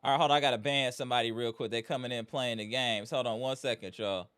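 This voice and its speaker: Fast and fairly even in intonation, a man with a medium-pitched, slightly bright, clean voice hosts a live sports fan stream. He's hyped, greets chat members by name, and vents his frustration over his team's loss.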